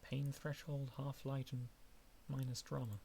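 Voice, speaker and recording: A man's voice: medium pitch, level tone, a little slow, creaky, mellow, a little hiss or hum. A man streaming a game live, reading its dialogue aloud in a casual, playful way.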